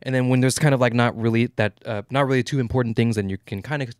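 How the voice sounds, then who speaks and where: A man co-hosting a podcast in casual chat, talking fast and stammering, animated and swearing freely. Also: mid-range voice, clear, resonant tone, dry recording, clean studio sound. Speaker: podcast co-host.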